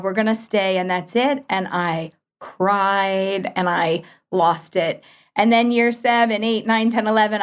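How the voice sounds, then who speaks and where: A middle-aged woman talking casually as a guest, telling a personal story and acting out her own past lines with big jumps in pitch. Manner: animated, quotes herself with big pitch jumps. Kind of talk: conversational storytelling.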